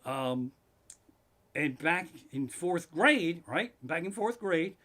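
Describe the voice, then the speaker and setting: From his living room, a middle-aged man hosts a live stream, spinning a profane comic story that escalates into loud, swearing rants. His voice is a little high and animated, and he speaks slowly.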